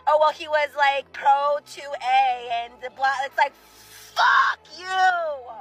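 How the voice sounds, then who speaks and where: A woman's voice: high-pitched, flat delivery, moderate pace, rough recording. A woman in a furious, swearing social media rant that turns heartbroken.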